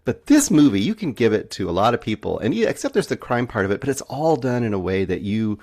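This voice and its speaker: A man co-hosting a movie review podcast in casual chat, thoughtful and quick to laugh. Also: medium pitch, sing-song, darkish tone. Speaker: podcast co-host.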